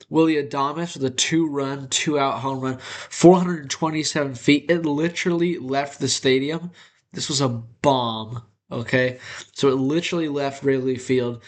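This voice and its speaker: A young man hosting his own sports talk show, upbeat and energetic, sounding nasal from a congested nose. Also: medium pitch. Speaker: host.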